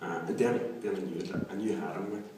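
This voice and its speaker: Young Irish comic, Donegal accent, halting and filler-heavy stand-up delivery, slightly low voice, distant and echoey. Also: male voice. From Ireland. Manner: halting delivery with many fillers, shouting acted quotes. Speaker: stand-up comedian. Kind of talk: stand-up comedy set. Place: comedy club stage. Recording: echoey room, distant mic, noisy. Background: audience laughter.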